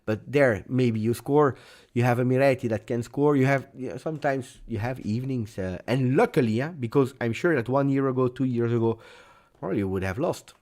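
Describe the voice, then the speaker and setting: A man's voice: medium pitch, brisk, a little mellow. A man hosting a live post-match fan reaction, speaking in a passionate, emphatic and rambling way. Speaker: football channel host.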